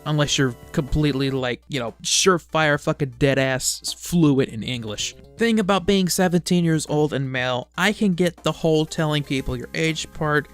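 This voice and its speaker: A man's voice: fairly high pitch, normal speed, hardly any pauses, faint music behind. A man reading a story aloud with comedic commentary, exasperated, stammering and swearing as he reacts. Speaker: creepypasta reviewer.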